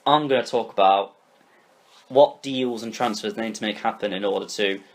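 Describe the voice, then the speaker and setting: A young British man hosting a podcast, giving opinions and asking questions in casual football chat. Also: fairly low pitch. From Britain. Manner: opinionated, quick, asks questions. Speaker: podcast host.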